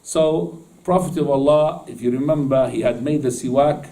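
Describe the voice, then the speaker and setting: A man's voice: medium pitch, normal speed, dark tone, distant mic, low-quality recording. A man teaching Islamic law to a class in casual, informal speech, often asking his students questions and laughing at his own jokes. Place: mosque classroom.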